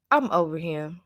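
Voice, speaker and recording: A woman's voice: lowish voice, fairly bright tone, dry recording, clean studio sound. A woman giving a casual recap and review of a reality show, blunt and opinionated, venting her exasperation.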